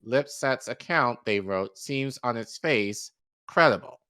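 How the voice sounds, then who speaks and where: A man co-hosting a podcast who reads an article aloud, with steady delivery and occasional stumbles and self-corrections. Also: mid-range voice, measured pace, clean tone, no echo. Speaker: podcast co-host.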